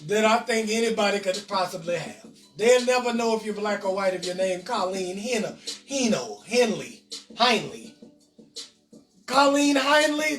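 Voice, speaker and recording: A man hosting a live comedy stream, loud and teasing as he roasts viewers' names and greets them. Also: extremely high pitch. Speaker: host. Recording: echoey room, far mic, faint music.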